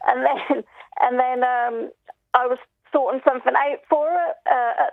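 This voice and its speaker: High gravelly Northeast English woman, chatty caller, muffled phone line. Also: steady tone, measured pace, no echo. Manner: chatty, laughs through her stories. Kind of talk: casual phone-in storytelling. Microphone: telephone.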